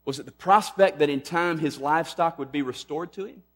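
A man preaching a sermon, emphatic, rising loud on questions and dropping to a hush on key lines. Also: fairly high pitch, fairly quick. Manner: emphatic, swings between loud and hushed. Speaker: pastor.

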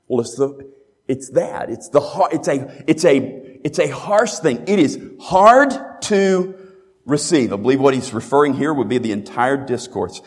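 Male pastor, emphatic sermon delivery with animated pitch, long hall reverb. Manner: emphatic, repeats key phrases, rhetorical questions.

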